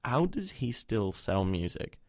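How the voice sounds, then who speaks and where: A man's voice: on the low side, big pitch swings, a little slow, dry recording, studio quality. A young man with a West Country English accent, co-hosting a podcast in casual chat, ranting and swearing sarcastically. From West Country, England. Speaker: podcast co-host.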